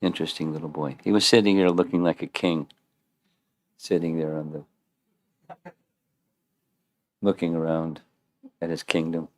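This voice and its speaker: A man's voice: rumbling low, fairly even intonation, a little slow, pauses often. A man giving an informal scripture class in a temple, chatty, quizzing his listeners and often restarting his sentences. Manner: conversational, quizzes the audience, repeats and restarts. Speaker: spiritual teacher giving a class.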